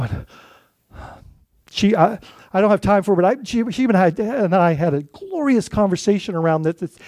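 A male lead pastor preaching a sermon in an earnest, halting way, with frequent restarts and repeated words. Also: high voice, darkish tone, no echo, clean studio sound.

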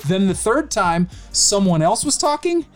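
A man's voice: high voice, a little slow, faint music behind. A man co-hosting a podcast in casual chat, a rambling storyteller who likes to talk. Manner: rambling storyteller, animated impressions. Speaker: podcast co-host.

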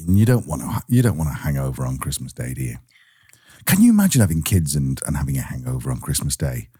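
A man's voice: very deep voice, big pitch swings, fast, warm tone, husky, no room sound, clean studio sound. A man from England co-hosting a podcast, chatting casually and rambling through anecdotes. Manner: chatty, rambling, acts out family quotes. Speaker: podcast co-host. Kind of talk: casual chat.

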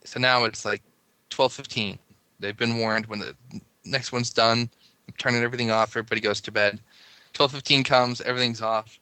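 Bright-voiced man telling a story. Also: mid-range voice, fairly even intonation, fairly quick, clear, resonant tone, no echo. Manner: rambling, self-interrupting, lots of "like". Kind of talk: casual storytelling.

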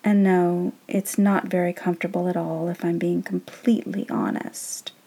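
A woman's voice: on the low side, little pitch movement, moderate pace, vocal fry, mellow, slightly rough. A woman reading aloud and voicing Death, a weary, blunt male figure who haggles grudgingly. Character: weary, dry-witted male Death in a sackcloth robe.

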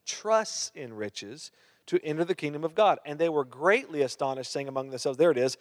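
A fairly high-pitched, expressive pastor delivers a brisk sermon. After reading passages of scripture he pauses to question and joke with his listeners, and the sound has a long hall reverb.

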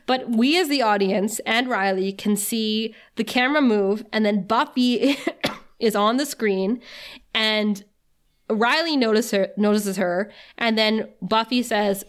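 Woman podcast co-host, casual recap, loose and giggly, slightly high voice. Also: a little slow, fairly bright tone. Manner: chatty, laughs often, filler "like".

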